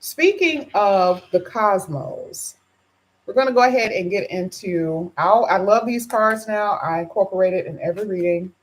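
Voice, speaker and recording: A woman's voice: mid-range voice, lively intonation, moderate pace, slight background noise. Freshly woken woman reading tarot live. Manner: chatty, greets viewers by name. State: just woke up, voice low. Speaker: tarot reader.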